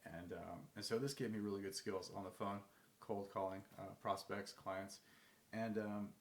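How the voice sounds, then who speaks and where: A man's voice: lowish voice, fairly even intonation, normal speed, reverberant, slight background noise. A man giving casual advice, rambling with many fillers and restarts, sometimes acting out phone calls. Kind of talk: casual talk to camera.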